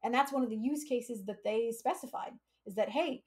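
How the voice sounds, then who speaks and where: A woman's voice: on the high side, moderate pace, darkish tone. A woman hosting a live coding stream, thinking aloud as she works and explaining with everyday analogies. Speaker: coding livestream host.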